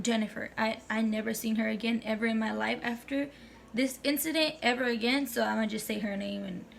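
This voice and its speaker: A woman's voice: fairly high pitch, gravelly, fairly bright tone, a little hiss or hum. A young woman telling a casual storytime on her vlog, chatty, slangy and swearing freely. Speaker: vlogger.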